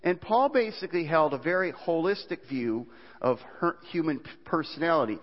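A man's voice: a little high, animated, normal speed. Man preaching in a reverberant church. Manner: conversational preaching with fillers and restarts. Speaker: pastor. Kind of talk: sermon. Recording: dull hall reverb.

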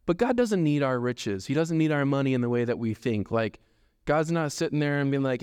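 A man in his thirties preaching a sermon as pastor, animated, jumping up in pitch when he acts out quoted voices. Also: fairly quick, clear, resonant tone, big-room sound.

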